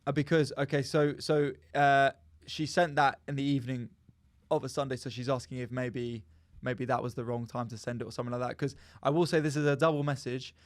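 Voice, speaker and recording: A man's voice: medium pitch, steady tone, brisk, no room sound. A man hosting a casual podcast, reading listener texts aloud and chatting. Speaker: podcast host.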